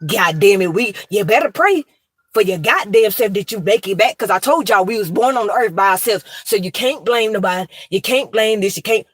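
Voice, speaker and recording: A woman's voice: mid-range voice, lively intonation, fairly quick, husky, no echo. A woman, ranting emphatically and profanely to her viewers. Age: 30s. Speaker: vlogger.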